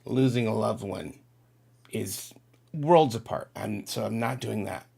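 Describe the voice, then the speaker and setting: Gravelly middle-aged man hosting a livestream. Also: lowish voice, a little slow, darkish tone. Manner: rambling, emotional, talks straight to viewers. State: on the verge of tears. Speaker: livestream host reading chat. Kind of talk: casual livestream chat.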